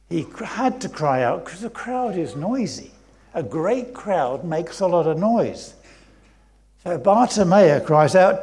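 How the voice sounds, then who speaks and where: A man's voice: on the high side, a little mellow. A man, preaching a sermon in a church, reading scripture and repeating phrases for emphasis. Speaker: pastor.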